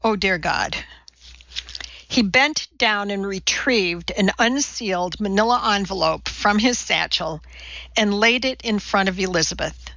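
Female audiobook narrator; measured, crisp, unhurried, close and dry. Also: mid-range voice, bright, forceful tone, no echo, dull audio. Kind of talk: scripted novel narration.

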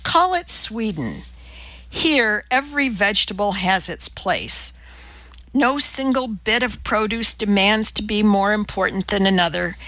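Woman narrator, deadpan and exact, slow and bright, dry lo-fi audiobook. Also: mid-range voice, no echo. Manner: deadpan, precise, lecturing delivery. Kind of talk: scripted narration. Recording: dull lo-fi dry audiobook recording.

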